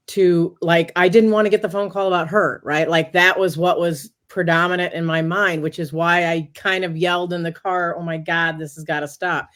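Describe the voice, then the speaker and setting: Animated woman telling a story. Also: lowish voice. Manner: animated, talks through quoted inner dialogue. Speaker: guest. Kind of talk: casual interview storytelling.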